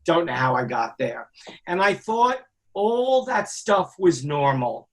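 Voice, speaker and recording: A man, telling wild stories in a casual interview, animated and swearing freely. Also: on the high side, takes it slowly. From Brooklyn, New York. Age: 60s. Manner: animated, acts out quoted voices, swears freely. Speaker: guest, music industry veteran.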